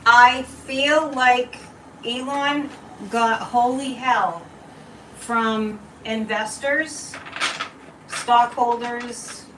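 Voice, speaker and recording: A woman's voice: a little high, steady tone, drawn-out words, a bit bright, recorded from a distance, a little hiss or hum. A woman psychic hosting a casual livestream card and tea leaf reading, chatting and rambling straight to her viewers. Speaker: psychic reader and channel host. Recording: roomy sound from away from the mic.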